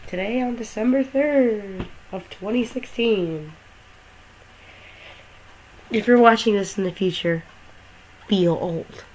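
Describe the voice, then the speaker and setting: A woman's voice: medium pitch, slow, pauses often, a little mellow, slight background noise, low-quality recording. Young woman rambling while lying down. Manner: rambling, swearing, jokey. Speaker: gaming vlogger. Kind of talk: casual game commentary. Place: her bedroom, lying down.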